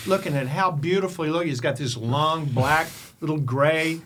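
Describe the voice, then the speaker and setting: An older man from Kentucky, a podcast host and coach, telling a story in an animated, emphatic way and firing off rhetorical questions. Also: on the high side, normal speed, slight background noise. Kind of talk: storytelling monologue.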